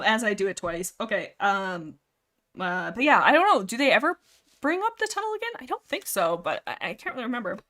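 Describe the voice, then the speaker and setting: A young woman from Canada hosting a casual livestream chat about books, rambling and animated, reading chat aloud. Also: mid-range voice. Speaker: livestream host.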